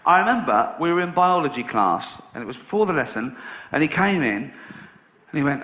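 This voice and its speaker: Very animated, with a fairly high and slightly bright voice at a moderate pace, a man from England does stand-up, narrating stories, performing others' voices and cracking up with laughter. He's on a large theatre stage to a live crowd; the concert recording is roomy and muffled, with the audience laughing.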